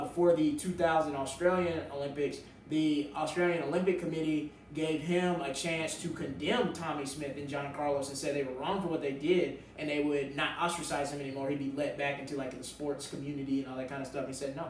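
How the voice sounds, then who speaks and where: A man's voice: a little high, flat delivery, brisk, few pauses, reverberant, recorded from a distance, rough recording. A man co-hosting a sports show in casual chat, telling a story emphatically and joking around.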